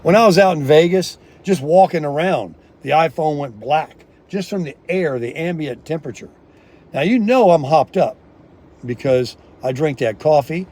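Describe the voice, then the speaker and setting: A man's voice: on the high side, animated, normal speed, darkish tone. Chatty man vlogging outdoors on his phone. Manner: rambling, chatty, addresses viewers as folks. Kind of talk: casual vlog chat. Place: outdoors in a sunny town.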